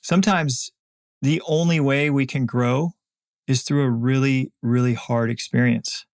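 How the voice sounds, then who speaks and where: Earnest gravelly man giving a motivational talk. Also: medium pitch, fairly even intonation, measured pace, darkish tone. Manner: earnest, emphatic, repeats phrases. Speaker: podcast host.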